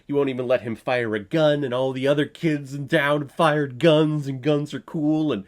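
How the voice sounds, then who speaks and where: A man's voice: on the high side, fairly even intonation, normal speed. A man giving a casual, opinionated movie review, blunt, with sarcastic asides and the odd swear word.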